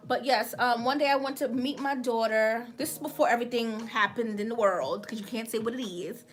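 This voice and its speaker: A woman's voice: fairly high pitch, fairly even intonation, a little fast, hardly any pauses. A woman, hosting a casual livestream, chatting with viewers and laughing often as she tells a story. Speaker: livestream host.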